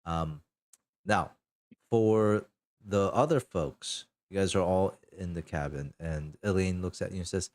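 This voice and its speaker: A man's voice: sits low, measured pace, no room sound. A man narrating a tabletop game as game master, rambling with lots of fillers.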